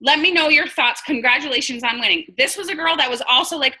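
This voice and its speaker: Woman, from New York, casual coaching talk, blunt, very bright tone. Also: sits high, animated, brisk, hardly any pauses, low-quality recording. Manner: chatty, blunt, acts out quoted dialogue. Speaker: direct sales team leader.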